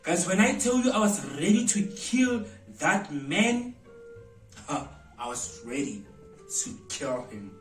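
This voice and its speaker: A South African man telling a storytime vlog in an animated, dramatic way, with loud exclamations. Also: sits high, slow, recorded from a distance. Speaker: vlogger. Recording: roomy echo, voice away from mic, faint music.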